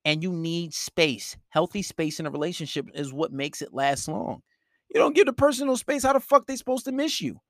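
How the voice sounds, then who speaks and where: A man's voice: fairly high pitch, lively intonation, a little fast, fairly bright tone, no room sound, clean studio sound. Blunt, profane man giving advice. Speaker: relationship advice host.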